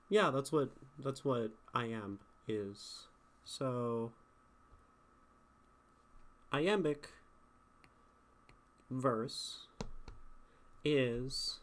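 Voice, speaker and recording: Male streamer, measured pace, casual poetry critique that sounds out meter as he goes. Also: mid-range voice. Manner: thinking aloud, tapping out rhythm with syllables.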